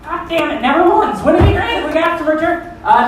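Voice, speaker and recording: A man's voice: extremely high pitch, very animated, moderate pace, very noisy. A man from Iowa hosting a stand-up show, doing rambling, profane, self-deprecating crowd work. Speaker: comedy show host. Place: comedy club. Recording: echoey room from far off.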